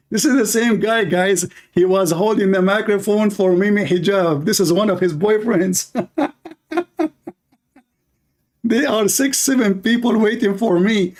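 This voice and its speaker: Man, high voice, combative, repeats himself, tired-sounding, heated debate. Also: normal speed, hardly any pauses, a little mellow. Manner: combative, repeats words insistently, mocking laughs. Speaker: online debate host. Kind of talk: heated live-stream debate.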